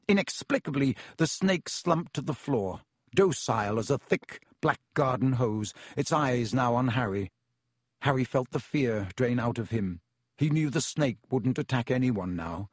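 A man's voice: mid-range voice, breathy edge, dry recording. Man narrating an audiobook, dry close sound. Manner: measured storytelling with voiced characters.

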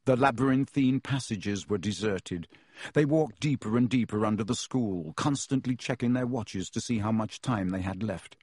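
A man narrating a children's fantasy novel as an audiobook, in a measured, even storytelling manner. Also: fairly low pitch, slightly rough, no echo, clean studio sound.

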